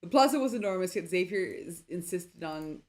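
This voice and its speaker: A woman's voice: on the low side, lively intonation, brisk, over music. A woman streaming a story game, reading its text aloud and reacting playfully between lines.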